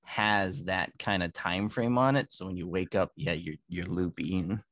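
A male podcast host with a very low voice chats in a relaxed way and puts in his own remarks. His sound is close and dry, with no room sound. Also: moderate pace, dry recording. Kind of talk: casual interview chat.

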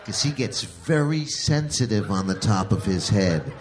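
A man voicing his wife as a frank, patient woman explaining things calmly, in a stand-up routine. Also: lowish voice, unhurried, a little hiss or hum, voice pushed down. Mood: instructive.

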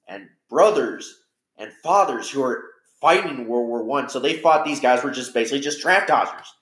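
A man's voice: mid-range voice, fairly bright tone. Rambling man explaining history, echoey room. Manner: rambling, full of fillers and self-corrections. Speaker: history talker. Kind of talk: casual spoken history explainer.

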